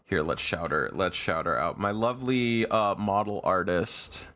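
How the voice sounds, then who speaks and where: A man streamer chatting casually on a live stream, rambling with fillers and laughs, and often jumping to high, shrieking protests. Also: a little slow, pushed and bright.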